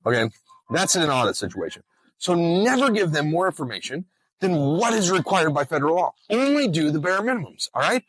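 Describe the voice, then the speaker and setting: Animated, joking man with husky voice. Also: on the high side, fairly quick, no room sound. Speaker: trucking compliance host. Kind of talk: casual vlog explainer. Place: outdoors in bright sun.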